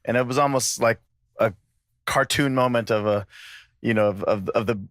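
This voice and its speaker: Man, podcast guest, halting chatty delivery, mid pitch, dry close sound. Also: fairly bright tone, no echo. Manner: halting, with many restarts and fillers. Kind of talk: casual chat.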